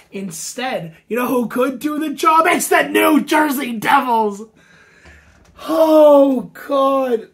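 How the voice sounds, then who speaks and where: High-voiced woman ranting about hockey. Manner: excitable, ranting, sarcastic, often shouting. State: losing her voice from screaming. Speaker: hockey podcast host. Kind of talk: fan commentary rant.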